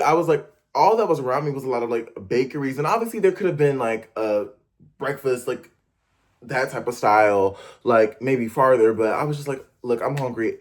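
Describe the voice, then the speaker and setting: A young man from the United States talks straight to camera in a loose, unedited vlog. His voice sits at an ordinary middle pitch, and he rambles animatedly, full of fillers and quick restarts. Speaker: vlogger. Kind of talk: casual unedited vlog chat.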